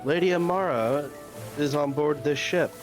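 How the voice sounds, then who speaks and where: A man's voice: fairly high pitch, measured pace, music in the background. A man playing a character in a tabletop game, speaking in a hesitant, searching way. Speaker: player. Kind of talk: in-character tabletop role-play.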